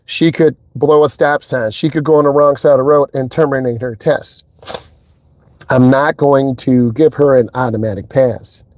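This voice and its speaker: A man talking casually as a driving instructor inside a car, telling stories in a lively way and acting out what people said. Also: moderate pace. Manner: animated storyteller, acts out quotes in a higher voice. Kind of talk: casual vlog talk.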